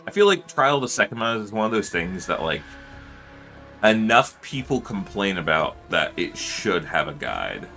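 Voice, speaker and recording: A man's voice: lowish voice, sing-song, normal speed, sharp tone, faint music behind. A man streaming and chatting casually, rambling with lots of fillers and loose swearing. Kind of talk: casual livestream chat.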